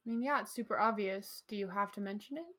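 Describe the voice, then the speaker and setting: A woman's voice: mid-range voice, fast, pushed and bright. Dry, mocking young woman. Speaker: podcast guest. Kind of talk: casual podcast banter.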